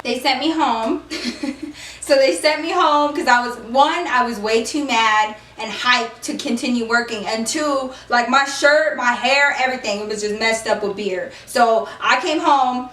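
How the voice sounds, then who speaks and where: A woman's voice: high-pitched, normal speed, roomy sound, far from the mic. A young woman telling a heated story on her vlog, emphatic, with lots of "like" and "okay?" asides. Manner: emphatic, heated, acts out the scene, shouts quoted lines; frequent fillers and "okay?" asides. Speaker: vlogger.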